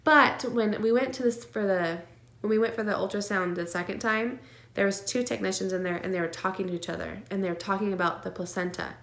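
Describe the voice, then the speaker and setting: Speaking a little fast with few pauses, a woman in an echoey room shares her twin pregnancy story on her casual vlog. Her middle-pitched voice is a bit bright, and her earnest, emotional delivery is dotted with fillers and nervous laughs.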